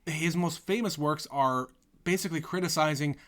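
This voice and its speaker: A man's voice: a little high, normal speed, fairly bright tone. A man co-hosting a podcast, chatting casually about a movie and often answering with short agreeing replies. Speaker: podcast co-host. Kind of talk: casual movie-discussion chat.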